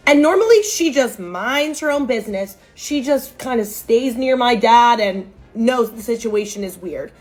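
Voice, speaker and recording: A young woman with a fairly high voice narrates a scripted storytime. She sounds sarcastic and exasperated, and her pitch leaps up sharply when something annoys her.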